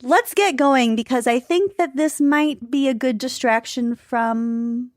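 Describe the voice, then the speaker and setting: A woman's voice: high voice, a little slow, dry recording. A woman co-hosting a podcast in casual chat, with wry, dry quips and steering the talk along. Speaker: podcast co-host.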